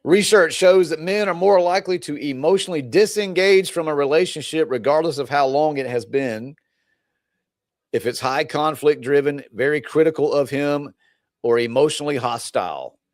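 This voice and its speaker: A man's voice: fairly high pitch, moderate pace, no room sound, studio quality. A male relationship coach talking casually to his viewers, rambling and often laughing. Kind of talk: casual livestream talk to viewers.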